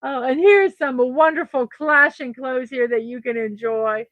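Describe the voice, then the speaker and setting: A chatty middle-aged woman with a slightly high voice hosts a cheerful morning show, laughing easily and tripping over hard names. The sound is dry and close, with little room around her. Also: a little slow, dry recording, narrow, tinny audio. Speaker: host of a daily morning show. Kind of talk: casual chat reading birthdays and memes.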